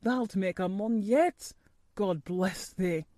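A woman's voice: medium pitch, slow pace, warm tone, dry recording, studio quality, lightly acted. A woman voicing a crabbed old male gardener who speaks blunt. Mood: gruff, moved. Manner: blunt, dialect-heavy speech. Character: gruff old male Yorkshire gardener, crabbed but moved.

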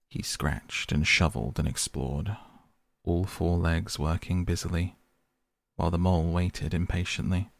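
A man reads a bedtime storybook in a soft, unhurried way. His voice is very deep with a gravelly fry. It is recorded close and dry, with no room sound. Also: no echo. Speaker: podcast audiobook reader. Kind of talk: soft bedtime audiobook reading.

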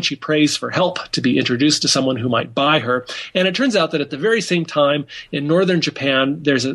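A man's voice: fairly high pitch, creaky, a bit bright, husky. A man, an author and scholar, retelling old tales in a podcast interview with many fillers and restarts.

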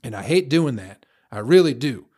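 Young man, casual rant, heavy swearing, blunt, rambling, middle pitch. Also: lively intonation, moderate pace, dark tone, slightly rough. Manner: blunt, swearing, rambling, says "bro" and "you know". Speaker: vlogger.

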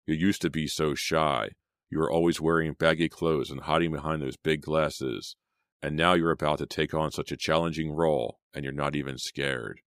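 A smooth, secretive young man, calm and measured, from a storybook reading, given by a man in his own very deep voice. The delivery stays low and even. The recording is dry and close. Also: no echo. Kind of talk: audiobook character reading.

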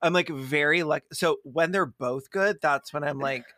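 A woman's voice: low voice, normal speed, fairly bright tone, dry recording, studio quality. A woman co-hosting a comedy podcast, riffing on jokes and laughing a lot. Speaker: podcast co-host. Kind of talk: casual comedic podcast banter.

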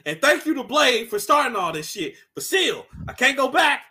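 A man co-hosting a podcast in casual chat, animated and often laughing, acting out movie characters. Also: very high-pitched, normal speed, slightly rough. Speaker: podcast co-host.

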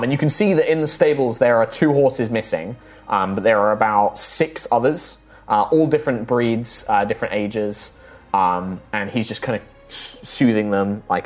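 Man narrating as game master. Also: lowish voice. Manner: rambling, full of fillers.

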